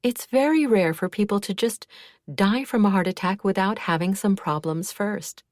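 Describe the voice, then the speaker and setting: In an audiobook, a woman voices an earnest female professor reasoning through a loss, pitching slightly above her own voice yet staying close to everyday speech. Her medium-pitched delivery moves at normal speed in a dry, echo-free studio recording.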